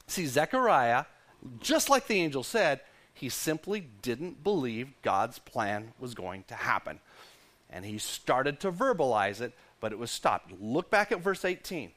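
A male pastor preaching a sermon with animated storytelling, often stumbling and repeating words. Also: on the high side, a little slow.

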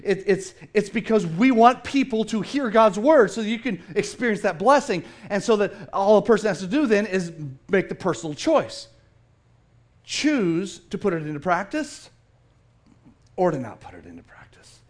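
A middle-aged man preaching a sermon in a church, playful and animated, acting out the people he quotes. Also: high voice, moderate pace. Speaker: pastor. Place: church sanctuary.

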